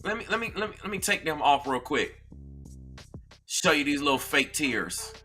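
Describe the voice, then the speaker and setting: A man hosting a live-stream commentary, his voice sharp and bright and sitting a little high. He talks straight to his viewers in an emphatic, preachy way, hammering points home through repetition. Faint music runs underneath. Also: expressive, moderate pace. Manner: conversational, addresses viewers directly. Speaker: commentary channel host.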